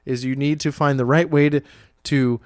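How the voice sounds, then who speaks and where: A man's voice: mid-range voice, fairly even intonation, normal speed, no room sound, studio quality. A man co-hosting a podcast, chiming in with profane jokes in casual chat. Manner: joking interjections with profanity. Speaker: podcast co-host.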